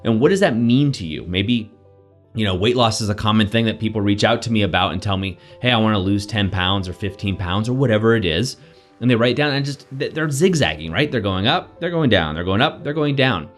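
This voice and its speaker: A man hosting a daily self-help show, giving an energetic, conversational motivational talk with frequent "right?" asides. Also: fairly low pitch, brisk, faint music behind. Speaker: coach and show host.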